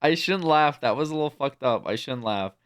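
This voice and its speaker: A livestreamer talks casually with his chat from home, cursing freely and laughing often. His mid-range voice is clear and resonant, with lively intonation and a fairly quick pace. When he calls his cat, he drops into a soft, hushed coo.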